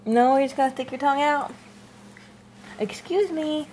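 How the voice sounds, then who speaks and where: A woman's voice: high-pitched, moderate pace, very noisy. A woman talking baby talk to an infant at home in a cooing, sing-song voice. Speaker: parent filming an infant.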